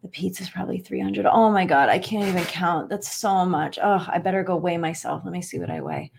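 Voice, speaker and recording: A woman's voice: lowish voice, fairly quick, vocal fry, slight background noise. A woman acting out the guilty, panicky inner monologue of a binge eater the morning after, muttering fretfully.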